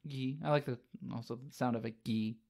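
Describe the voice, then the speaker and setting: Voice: medium pitch, fairly even intonation, fairly quick, creaky, darkish tone. Co-host, loose rambling chat full of fillers and restarts. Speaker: podcast co-host. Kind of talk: casual chat.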